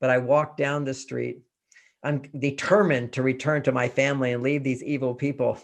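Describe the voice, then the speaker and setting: An older man telling personal stories and giving relationship advice in a live interview, animated and often laughing. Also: mid-range voice, moderate pace, gravelly. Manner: animated storyteller, acts out quotes, laughs often. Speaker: relationship author and guest.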